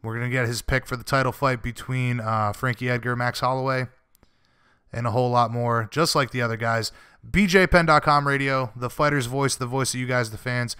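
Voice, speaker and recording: Bright, crisp-voiced sports radio host. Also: male voice, mid-range voice, steady tone, brisk. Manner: easygoing, chummy, laughs along with guests. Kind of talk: sports radio interview hosting.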